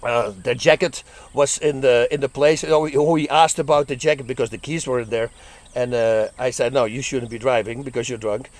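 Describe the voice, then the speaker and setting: A middle-aged man from the Netherlands telling lively stories about his days as a bouncer, laughing as he goes. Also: medium pitch, brisk. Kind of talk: casual storytelling.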